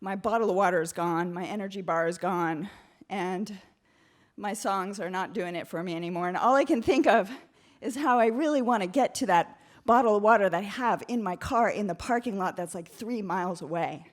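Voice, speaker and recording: A woman from Oakland telling a candid, comic story live on stage, getting animated as she goes. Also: medium pitch, normal speed. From Oakland, United States.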